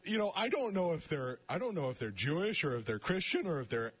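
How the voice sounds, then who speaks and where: A man's voice: a little high, big pitch swings, breathy edge. A young man hosting a casual radio talk show, stumbling and restarting his sentences as he chats. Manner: halting, many restarts, laughs often.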